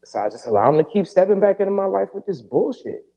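A man hosting a podcast, telling a story in a casual, profane and animated way and acting out the dialogue. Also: high-pitched, fast talker, lo-fi sound. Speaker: podcast host.

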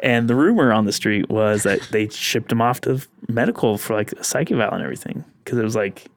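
A man co-hosting a podcast, telling a story in a casual, animated way and laughing often. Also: lowish voice, fairly quick. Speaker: podcast co-host.

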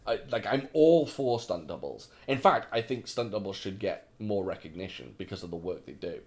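A man's voice: sits low, animated, moderate pace. A man co-hosting a casual film podcast, chatty and opinionated, swearing now and then. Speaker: podcast co-host.

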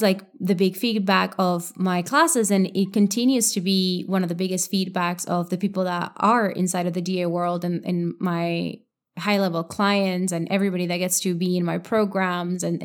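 A woman hosting a podcast, telling a personal story in an earnest, reflective way, with many "like" fillers. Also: on the low side. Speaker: podcast host and coach.

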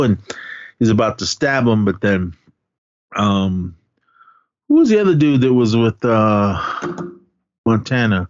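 A man's voice: expressive, a little slow, long pauses, no echo, lo-fi sound. A man casually recapping a film's scenes on a podcast, acting out the characters' lines and laughing often. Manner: retells scenes, quoting characters in pitched-up voices, laughs often. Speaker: podcast co-host.

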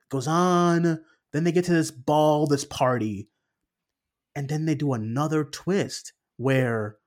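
A young man co-hosting a film review podcast, telling a story animatedly, swearing freely and acting out his own reactions. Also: on the high side. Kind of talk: casual chat.

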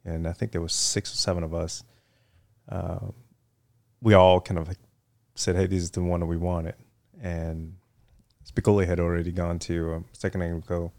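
A very deep, gravelly middle-aged man recounts his service years in a relaxed interview. He wanders through each story with ums, uhs and restarts. The sound is close and dry. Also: moderate pace, dry recording. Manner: rambling, many fillers and restarts. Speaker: guest, retired Marine officer.

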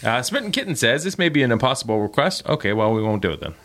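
A man's voice: mid-range voice, big pitch swings, quick pace, fairly bright tone. A young adult man co-hosting a casual podcast, reading listener questions and joking around with frequent laughs. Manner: jokey, laughs often, reads listener questions. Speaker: podcast co-host.

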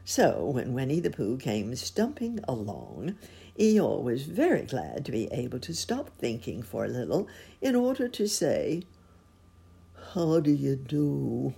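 A woman slowly reading a classic children's book aloud in a gentle storytelling way. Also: rumbling low, huge pitch swings, gravelly, breathy edge. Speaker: storybook reader.

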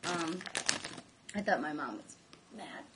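A teenage girl in her last year of high school, co-hosting a casual video chat, rambling and giggling with lots of "like". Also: expressive, takes it slowly, background noise. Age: high school senior, late teens. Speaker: vlog co-host.

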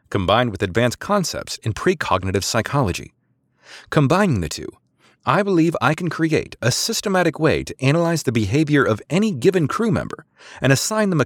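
Brief: male narrator doing an ambitious female officer, crisp, formal, quietly sure of herself, lively delivery, dry close sound. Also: mid-range voice, no echo, pitched above the performer's own voice. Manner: formal, precise, coolly confident. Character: poised, ambitious female naval lieutenant.

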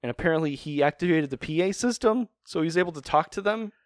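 Male podcast co-host, clear and smooth, dry close-mic sound, rambling wry delivery with casual swearing. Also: on the high side, lively intonation, fast talker, no room sound. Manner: rambling, profane, wry recap storytelling. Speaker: podcast co-host recapping a cartoon. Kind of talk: casual chat.

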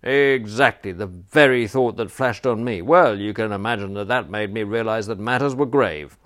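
A man's voice: fairly low pitch, normal speed, fairly bright tone, lightly acted. A man reading an audiobook, voicing a peevish, rambling elderly duke who blusters along. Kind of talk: audiobook character voice.

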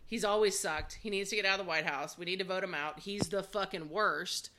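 Bright-voiced blunt woman podcast host. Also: medium pitch, fairly quick, a little hiss or hum. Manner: blunt, profane, wry. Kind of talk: casual chat.

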